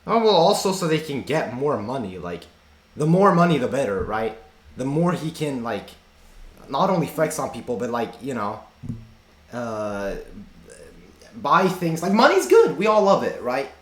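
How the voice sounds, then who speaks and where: A man's voice: mid-range voice, normal speed, roomy sound. A man commenting as a reaction streamer in casual chat, rambling with many fillers. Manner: rambling, filler-heavy, animated.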